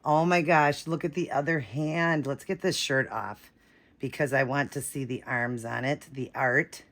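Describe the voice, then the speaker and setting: A woman vlogging an unboxing, gushing and breathless, shaky with excitement, repeating herself as she talks to viewers. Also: a bass voice, measured pace. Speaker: vlogger unboxing a reborn doll.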